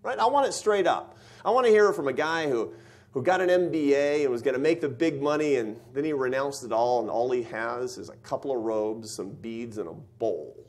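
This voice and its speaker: A man's voice: medium pitch, normal speed. A middle-aged man giving a university lecture, telling a story with lots of rhetorical questions to the audience.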